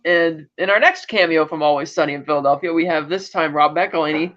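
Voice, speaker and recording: This man's voice is a little high and fairly bright, and he talks briskly. As a podcast co-host recapping an episode, he chats casually, rambling and restarting with plenty of "like." It's a dull lo-fi recording.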